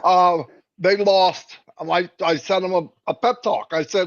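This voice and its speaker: A man's voice: high voice, fairly even intonation, a little slow. A man co-hosting a casual live stream, rambling and joking with many fillers and restarts. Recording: dull lo-fi stream audio.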